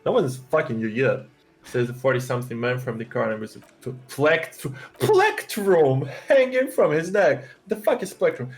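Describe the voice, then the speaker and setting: A man joking loudly on a game stream, reading character lines and trying out accents. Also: medium pitch, big pitch swings, normal speed, soft background music. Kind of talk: casual game stream chat.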